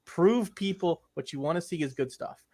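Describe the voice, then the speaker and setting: A man's voice: fairly high pitch, animated, moderate pace, dark tone. A young man co-hosting a podcast, chatting casually in a rambling way with crude jokes and lots of repeated words. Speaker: podcast co-host. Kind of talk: casual chat.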